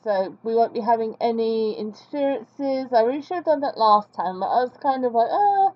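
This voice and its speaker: A woman's voice: fairly high pitch, brisk. A woman chatting casually as she draws on screen, self-deprecating and humming along while she works. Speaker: vlogger drawing on screen. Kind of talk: casual commentary while drawing. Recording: dull lo-fi recording.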